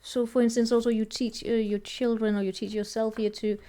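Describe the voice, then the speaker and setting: A woman's voice: on the high side, level tone, brisk, warm tone. A woman giving a casual tarot reading, thinking aloud and rambling with many restarts. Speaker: tarot reader.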